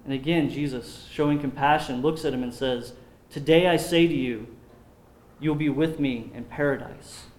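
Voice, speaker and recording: A man's voice: medium pitch, a little mellow. Man preaching in an echoey room. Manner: slows down to read scripture aloud. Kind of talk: sermon.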